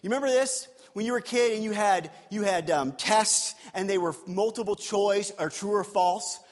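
A man's voice: high voice, normal speed, long reverb tail. A man, a pastor, preaching a sermon in a conversational way, asking his listeners rhetorical questions.

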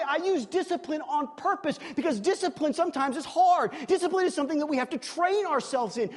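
A man preaching a sermon in a church, emphatic, swinging from loud exclamations to quiet, confiding asides. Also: very high-pitched. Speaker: pastor. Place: church sanctuary. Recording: long reverb of a large hall.

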